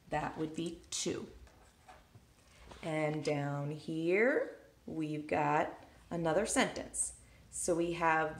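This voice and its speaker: A woman's voice: deep voice, slow. A woman teacher talking students through a worksheet, thinking aloud step by step and tapping out syllables on the table as she records with one hand. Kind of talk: recorded classroom lesson walkthrough. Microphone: handheld recording device. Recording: echoey room.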